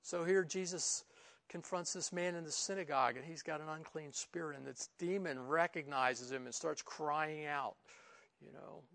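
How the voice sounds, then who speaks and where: Guy preaching bible study, kinda high voice, lots of "you know", gets louder on the big points. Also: normal speed. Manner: informal, frequent "you know" asides; rises in pitch and volume for emphasis. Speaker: pastor. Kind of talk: conversational verse-by-verse Bible teaching.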